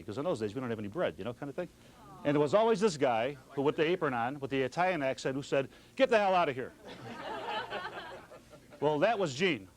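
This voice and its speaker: The voice belongs to a Chicago man, a little high, who runs a restaurant and is hosting a party. Warm and anecdotal, he addresses the crowd in a speech and also gives interview answers, with a loud throng of guests talking behind him.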